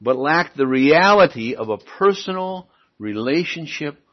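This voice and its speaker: A man's voice: on the high side, expressive, measured pace. A man preaching a sermon and reading Bible verses aloud, stressing lines emphatically with wry asides. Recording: dull lo-fi recording.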